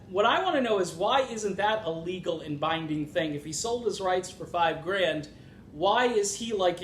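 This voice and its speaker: A man hosting a music commentary channel, talking casually and with opinions, and adding sarcastic asides. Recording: echoey room with faint rumble.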